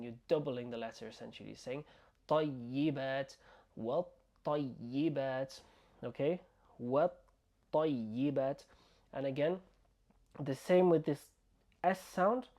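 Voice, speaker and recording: A man teaching pronunciation step by step, patiently repeating each word slowly for learners to copy and checking in with "okay?". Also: medium pitch, mellow. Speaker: Arabic teacher.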